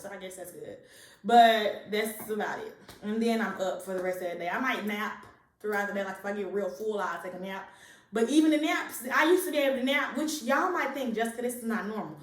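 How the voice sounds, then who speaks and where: A young woman with a fairly high, fairly bright voice chats casually to camera in a pregnancy vlog. Slightly breathless, she rambles and uses lots of fillers. The recording sounds echoey, with the mic placed at a distance.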